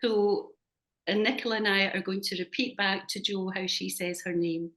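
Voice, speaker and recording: Scottish woman facilitator, gentle and measured, video-call sound; leads a group exercise. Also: medium pitch, steady tone. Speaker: workshop facilitator.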